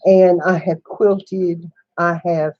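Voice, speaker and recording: A woman's voice: on the low side, level tone, slow, dry recording. Chatty older woman, muffled lo-fi sound. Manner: chatty storyteller who greets viewers mid-story and laughs a lot. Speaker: channel host. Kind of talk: casual livestream chat. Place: home room with sewing setup.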